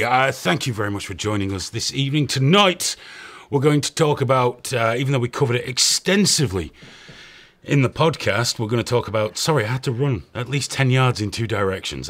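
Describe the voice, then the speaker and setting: Guy hosting a live stream, out of breath, lively up-and-down voice, swears a lot. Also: medium pitch. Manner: swearing, joking, reads out chat names. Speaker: host. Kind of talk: casual live-stream chat.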